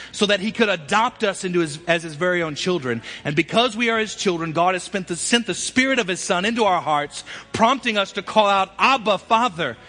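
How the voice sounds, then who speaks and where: A middle-aged man preaching a sermon, swinging between emphatic loud passages and quiet ones. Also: high-pitched. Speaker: pastor. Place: church sanctuary.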